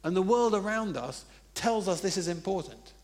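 A man's voice: sits high, expressive, moderate pace. A man preaching a sermon, telling funny personal stories in a conversational way. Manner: conversational, humorous storytelling.

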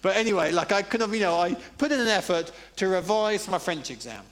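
A man's voice: sits high, animated, brisk, a bit bright. A man preaching a sermon, telling funny personal stories in a conversational way. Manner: conversational, humorous storytelling.

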